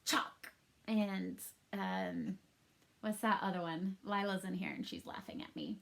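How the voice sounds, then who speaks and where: A woman's voice: mid-range voice, measured pace, gravelly, fairly bright tone. A young woman teaching a recorded phonics lesson to young children at home, upbeat and patient, talking straight to the kids.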